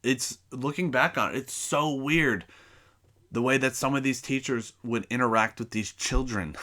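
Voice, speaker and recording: A man hosting his own podcast, telling a high school story in casual, profane chat and acting out both sides of the dialogue. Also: normal speed. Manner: profane, animated anecdote telling with acted-out dialogue. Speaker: podcast host.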